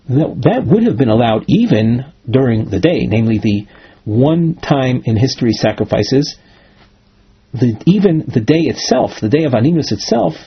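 Husky man teaching a Talmud lesson. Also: medium pitch. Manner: reads Aramaic phrases then translates. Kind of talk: text-based lecture. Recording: dull lo-fi recording.

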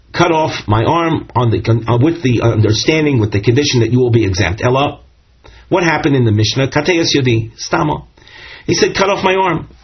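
In a Talmud class lecture, a teacher with a husky, mid-range voice reads out Hebrew and Aramaic phrases and explains what they mean, with fillers and restarts along the way. The sound is dull and lo-fi.

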